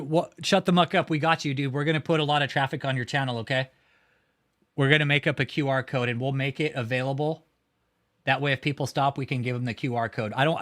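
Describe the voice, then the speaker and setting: A man's voice: mid-range voice, fairly bright tone. A man livestreaming outdoors by a road, talking casually in a blunt, profane, mocking way.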